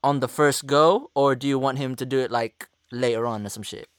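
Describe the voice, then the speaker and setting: A man's voice: mid-range voice, fairly even intonation, a little fast, clear, resonant tone, dry recording, clean studio sound. A young man hosting a casual podcast, chatting loosely with street slang and frequent laughter. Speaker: podcast host. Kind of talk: casual banter.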